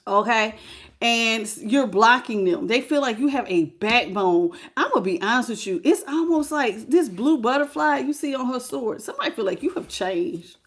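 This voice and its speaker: A woman, giving a lively, sassy live tarot reading straight to the viewer. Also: a little high, moderate pace. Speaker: tarot reader.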